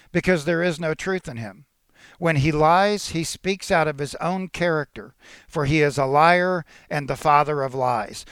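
A male pastor delivers an earnest teaching sermon, walking through scripture and pausing to restart his phrasing. His voice sits a little higher than most men's. The sound is dry and close, with little room echo. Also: fairly bright tone, smooth.

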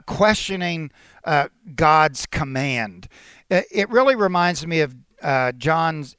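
Man preaching a sermon, slightly high voice. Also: fairly bright tone, clear, resonant tone, dry recording, clean studio sound. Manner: earnest teaching with scripture quotes, frequent restarts. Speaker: pastor.

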